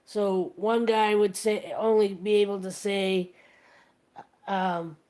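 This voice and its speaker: A woman's voice: medium pitch, steady tone, takes it slowly, darkish tone. A woman hosting a livestream, chatting casually and retelling a funny story with plenty of restarts and acted-out quotes. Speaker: stream host.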